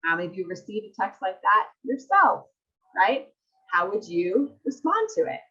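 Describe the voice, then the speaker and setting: A woman's voice: medium pitch, big pitch swings, moderate pace, bright, forceful tone, dull audio. A woman marriage coach presenting a live webinar, reading out audience comments and asking rhetorical questions.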